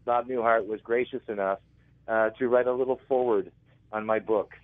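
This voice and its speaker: A man's voice: medium pitch, fairly even intonation, fairly quick, no room sound. A man interviewed as an author, telling rambling anecdotes and often correcting himself mid-sentence. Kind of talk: casual storytelling. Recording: tinny phone line, dry.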